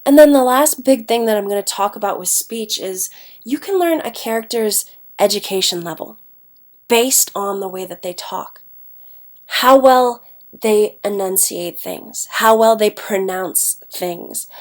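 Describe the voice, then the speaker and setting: A woman teacher lectures in a chatty, informal way, pausing on fillers and correcting herself mid-sentence. Her nose sounds stuffed up and she sniffles now and then. Her voice sits a little higher than most women's. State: congested, sniffling from allergies. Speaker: English teacher. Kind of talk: recorded classroom lecture.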